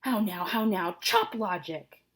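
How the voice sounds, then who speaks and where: A blustering older nobleman berates his daughter, loud and scolding, spitting out insults, as a woman reads his part aloud. The voice climbs higher and louder than a plain speaking tone as the anger builds. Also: lively intonation, unhurried, breathy edge. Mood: furious. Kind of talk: dramatic reading of a play.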